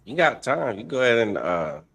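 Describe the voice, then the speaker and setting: A man's voice: medium pitch, sing-song, a little fast, vocal fry, fairly bright tone. A man co-hosting a casual discussion, talking hesitantly and often restarting his sentences. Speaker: co-host.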